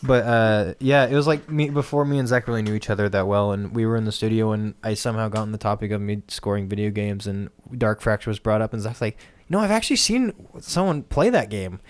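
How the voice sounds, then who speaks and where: A man's voice: lowish voice, flat delivery, fast, hardly any pauses, clear, resonant tone. A young man hosting a casual podcast chat with friends, rambling with many fillers and laughing often. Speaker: podcast host and composer.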